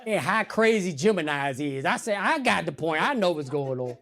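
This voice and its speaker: A male comedian telling a long story on stage, in a loose manner. His pitch swings widely, and he jumps into a raised voice whenever he acts out what someone said. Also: moderate pace. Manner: animated, acts out quotes in raised voice. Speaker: stand-up comedian. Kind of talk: stand-up storytelling.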